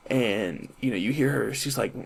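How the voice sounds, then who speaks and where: A man in his twenties from the American South, rambling to camera in a casual monologue, full of fillers and restarts, high while he talks. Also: normal speed, gravelly, husky. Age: 20s. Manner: rambling and self-correcting, many fillers and restarts. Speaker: vlogger and rapper.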